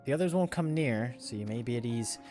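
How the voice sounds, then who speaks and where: A man reading the lines of a stern voidsent lord who rules over its domain, in a measured, commanding, slightly hushed voice, with faint game music behind. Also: mid-range voice, animated, close to an everyday voice. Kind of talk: reading game dialogue aloud.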